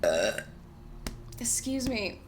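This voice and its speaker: A woman's voice: mid-range voice, wildly swooping pitch, extremely slow, slight background noise. A woman streaming a video game, chatting casually and with exasperation, swearing often. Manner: exasperated, swearing, frequent laughs.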